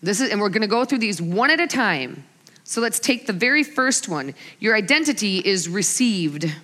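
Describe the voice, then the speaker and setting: A woman in her forties delivers a sermon full of family stories, her pitch swinging widely as she acts out each character. Her voice carries a long reverb from a large hall. She preaches from a stage microphone with a storyteller's flair. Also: sharp tone. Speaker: women's ministry speaker.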